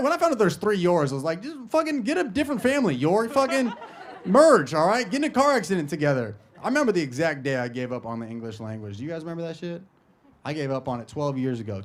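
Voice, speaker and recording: A man doing a stand-up comedy set on a stage microphone, brash and profane, jumping into loud high-pitched voices for his bits. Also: slight background noise. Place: live comedy show. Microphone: handheld stage microphone.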